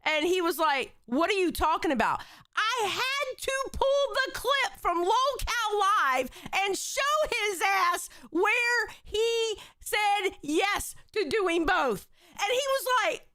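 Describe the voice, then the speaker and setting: A woman hosting a live stream, chatting casually in an animated way, swearing often and breaking into loud outbursts. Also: very high-pitched, slow pace, no room sound, clean studio sound. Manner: animated, swearing, bursts into shouting. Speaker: livestream host. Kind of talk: casual livestream chat.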